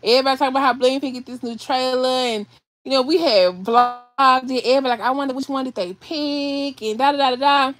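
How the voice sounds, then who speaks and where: A woman livestreaming from her phone, her voice pitched a little high. She rambles through an emotional story, restarting and repeating phrases, audibly shaken. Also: fairly even intonation, fast talker, fairly bright tone, faint music behind. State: shaky, emotional. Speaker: vlogger doing a livestream. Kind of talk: emotional casual storytelling to viewers. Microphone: phone or webcam on a livestream.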